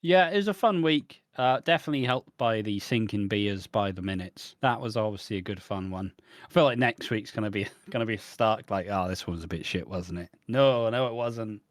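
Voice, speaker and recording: A man's voice: lowish voice, dry recording, clean studio sound. A young man with a Birmingham accent, co-hosting a casual podcast chat with joking, swearing asides. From West Midlands. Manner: jokey, swearing, quick asides. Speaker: podcast co-host.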